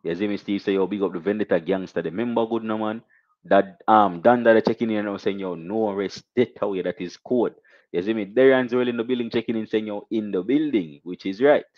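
A young Jamaican man hosting a casual live stream, shouting out viewers and reading donations with animated, repetitive catchphrases. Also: lowish voice, a little fast, dry recording, lo-fi sound.

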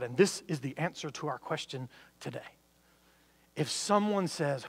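A man's voice: a little high, lively intonation, a little slow, pauses often, breathy edge, long reverb tail. A man preaching a sermon, talking earnestly with frequent restarts and building emphasis. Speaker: pastor.

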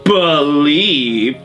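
A man's voice: fairly high pitch, a bit bright. A man hosting a comedy history show as a mock expert, rambling and getting tipsy on wine as he goes. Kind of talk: deadpan comedic monologue.

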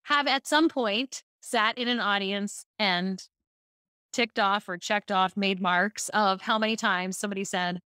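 A woman's voice: medium pitch, measured pace, smooth, dry recording, clean studio sound. A woman from Baltimore, a speaking coach, telling stories in a casual podcast interview and acting out quotes. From Baltimore, USA. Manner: animated storytelling, acts out quotes.

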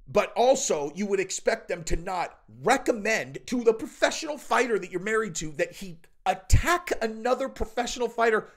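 A man hosting his own channel, giving a casual, rambling commentary monologue full of profanity and asides. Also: sits high. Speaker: channel host.

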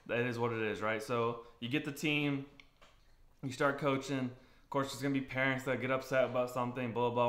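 Young adult man, baseball coach, vlog host, casual rambling talk, candid, clears throat often, roomy echo. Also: mid-range voice, a bit bright. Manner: candid, repeats himself, frequent throat-clearing. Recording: roomy echoey room sound.

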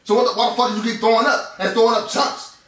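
Man, loud profane rant, roomy echo, distant mic. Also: very high-pitched, fairly even intonation, rapid-fire. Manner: loud, profane, repeats himself. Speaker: husband in a prank vlog. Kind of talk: angry ranting argument. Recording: echoey room, mic from a distance.

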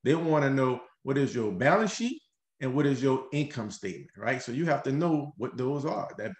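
A man, a mortgage lender hosting a radio show, explaining loans step by step in an energetic, conversational way, often checking in with "right?". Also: mid-range voice, moderate pace, reverberant. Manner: energetic, explains things step by step, keeps tagging lines with "right?".

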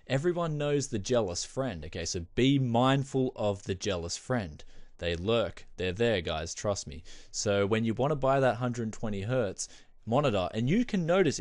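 A man's voice: mid-range voice, no echo, studio quality. Chatty young man hosting a tech vlog. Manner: chatty, addresses viewers as "guys", animated asides. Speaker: tech video host. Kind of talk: casual explanatory vlog.

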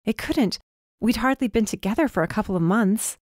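A woman narrating a novel in the first person, steady and even, on a close studio mic. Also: fairly high pitch, a little fast, no echo. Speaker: audiobook narrator.

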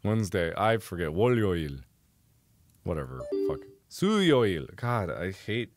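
A young man live-streaming, giving gameplay commentary while getting exasperated, swearing and breaking into loud outbursts. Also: low voice, big pitch swings, brisk.

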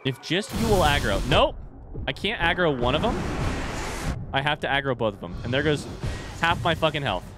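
A young man live-streaming a video game, reacting loudly and swearing when hit while chatting with viewers. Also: on the high side, normal speed, pauses often. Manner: excitable, swears and yelps when hit, reads chat aloud. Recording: game music behind voice. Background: game music.

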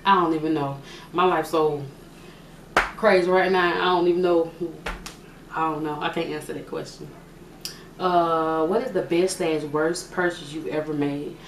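A woman's voice: low voice, fairly even intonation, moderate pace. A young woman casually answering questions for her vlog, chatty and joking, often thinking aloud. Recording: echoey room, mic at a distance, faint hiss.

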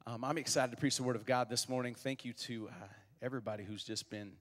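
A man's voice: mid-range voice, fairly even intonation, fast talker, in a large hall. A young man preaching a sermon in a church, joking with the congregation and leading call-and-response. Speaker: guest preacher. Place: church sanctuary.

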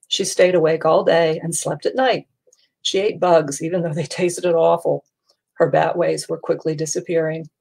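A woman reading a children's picture book aloud, telling the story in a gentle, expressive way. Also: low-pitched, creaky, breathy edge, poor audio. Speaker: storybook reader.

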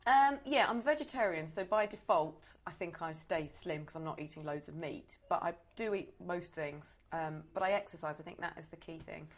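A woman's voice: fairly low pitch, normal speed, few pauses. A woman in her forties with a West Country accent, chatting in an interview, theatrical and self-mocking. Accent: West Country English. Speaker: interview guest. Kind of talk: casual interview chat.

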